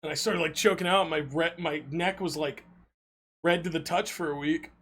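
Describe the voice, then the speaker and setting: High, bright-voiced young streamer man. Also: normal speed, husky. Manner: animated, swearing, laughing often. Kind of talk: casual storytelling to chat.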